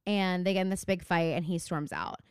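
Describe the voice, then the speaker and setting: A woman's voice: on the low side, steady tone, a little fast, smooth, no room sound, studio quality. A woman co-hosting a podcast, recapping a TV episode in casual chat, swearing freely and acting out the characters' lines. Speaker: podcast co-host.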